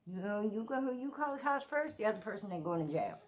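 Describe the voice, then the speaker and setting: A woman in her forties talks straight to her vlog audience in a rambling, profane rant. She repeats herself and stumbles through restarts, then bursts into loud, animated outbursts. Her voice sits at an ordinary middle pitch. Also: brisk. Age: 40s. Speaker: commentary vlogger. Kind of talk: casual ranting commentary.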